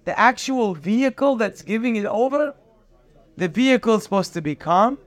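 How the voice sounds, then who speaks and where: Male Torah teacher, high voice, earnest and emphatic lecture delivery, drops in Hebrew terms. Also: lively intonation, normal speed. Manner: earnest, emphatic, repeats phrases for stress. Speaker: rabbi teaching a daily Torah class.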